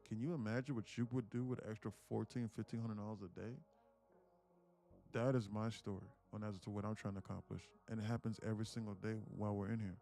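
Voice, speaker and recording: A man's voice: on the low side, fairly even intonation, fast, vocal fry, warm tone, faint music behind. A man hosting a live day-trading stream, ranting, swearing and talking motivationally to his viewers.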